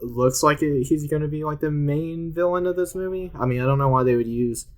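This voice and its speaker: A man's voice: on the high side, brisk. A man hosting a casual podcast chat, laid-back and laughing often as he talks things over. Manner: laid-back, laughs often, reads aloud from search results. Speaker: podcast host.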